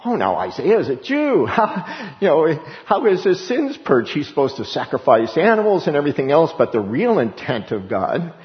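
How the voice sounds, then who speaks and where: A man preaching a sermon to his congregation, animated, often acting out scripture voices with sudden high-pitched bursts. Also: moderate pace, few pauses. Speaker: pastor. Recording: dull sound with long reverb in a hall.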